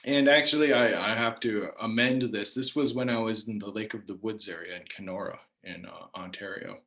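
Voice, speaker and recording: Measured man explaining words, lowish voice. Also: a bit bright. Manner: measured, explanatory, trailing off at phrase ends. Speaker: language teacher. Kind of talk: spoken lecture.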